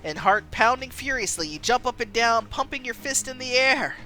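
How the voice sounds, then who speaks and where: A woman streamer reading a story game aloud, expressive and quick to laugh. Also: a little high, soft background music. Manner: expressive, laughs between lines.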